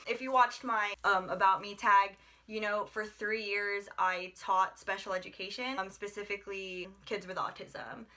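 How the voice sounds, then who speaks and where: A woman's voice: medium pitch, fairly even intonation, moderate pace, hardly any pauses, sharp tone. A young woman from the United States chatting through a book review, gushing and rambling with lots of filler words. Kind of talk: casual book review vlog.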